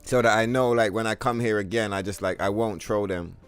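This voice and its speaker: A man's voice: on the low side, steady tone, fairly quick, smooth, soft background music. Profane, ranting male game streamer. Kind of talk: casual live-stream chat.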